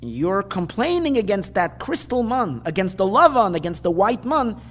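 Guy giving a torah class, fairly high voice, lots of rhetorical questions, long hall echo. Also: normal speed. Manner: animated, repeats words for emphasis, asks rhetorical questions. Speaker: Torah teacher. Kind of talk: lecturing on weekly Torah portion. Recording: long hall reverb, faint background noise.

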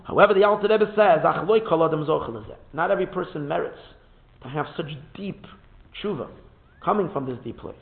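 A man giving a Hasidic Torah lecture, animated and repeating words as he searches for them, mixing in Hebrew phrases. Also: fairly high pitch, a little fast, vocal fry. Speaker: rabbi teaching a Torah class. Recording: phone-like narrow sound.

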